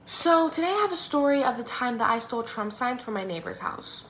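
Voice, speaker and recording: A teenage girl telling a personal story in a casual, chatty way, full of "like" and "um", acting out others in squeaky voices. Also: very animated, a little fast, fairly bright tone, a little hiss or hum. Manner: acts out others' lines in squeaky exaggerated voices.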